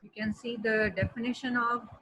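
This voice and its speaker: Lady teaching english class, kinda husky higher voice, goes over examples slowly and patiently. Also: little pitch movement, pushed and bright, rough recording. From Pakistan. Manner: explaining patiently with repetition, slowing to spell out words. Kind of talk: classroom lesson.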